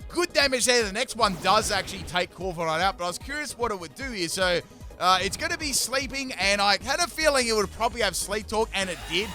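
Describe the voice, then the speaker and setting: This young gaming host's high voice is expressive, pushed and bright, moving a little fast. He delivers casual voice-over commentary on his battles, chatty and joking with self-mocking asides, while soft music plays in the background.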